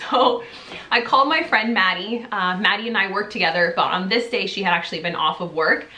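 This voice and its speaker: A young woman talks straight to the camera from her home office and tells a story in a casual, animated way. She laughs often and jumps up into a higher voice when she acts out what people said. Her voice is bright and carries some echo from the room. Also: brisk. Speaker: vlogger. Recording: echoey room.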